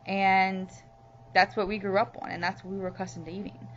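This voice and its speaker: A woman's voice: medium pitch, flat delivery, a little fast. A woman from Louisiana talking candidly in a personal video diary, heartfelt and rambling with lots of "you know"s. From Louisiana, USA. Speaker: vlogger. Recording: muffled lo-fi recording with faint hum.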